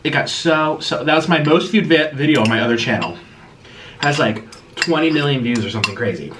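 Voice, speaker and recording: Animated man on an eating vlog. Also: a little high, a little fast, noisy background. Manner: dramatic, swinging between mumbles and excited yelps. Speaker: mukbang vlogger. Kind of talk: casual eating vlog chat.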